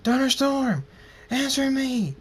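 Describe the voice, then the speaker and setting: A man voicing Draconic, a male pony warrior who screams his lines high and strained. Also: animated, takes it slowly, breathy edge, full character voice. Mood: frantic shouting.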